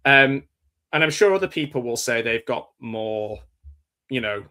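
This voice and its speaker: A man's voice: medium pitch, animated, unhurried, sharp tone, clear, resonant tone. An English man hosting a casual live chat about films, rambling and hesitant, with many fillers and restarts. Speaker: show host.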